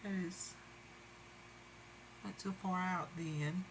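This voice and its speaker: A woman's voice: lowish voice, steady tone, slow pace, noisy background. A woman doing her makeup on camera while venting in casual, rambling chat full of fillers. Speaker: beauty vlogger.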